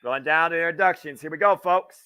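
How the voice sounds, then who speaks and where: Fast-talking with a smooth, sharp voice on the high side, this Midwestern American hosts a laid-back live wrestling watch-along. His commentary is chatty, full of wisecracks and free swearing.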